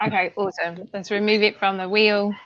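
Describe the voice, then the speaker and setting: A woman's voice: medium pitch, fairly even intonation, fairly quick, fairly bright tone. A woman hosting a live stream, laughing a lot and welcoming viewers in casual chat. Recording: dull lo-fi stream audio, faint noise.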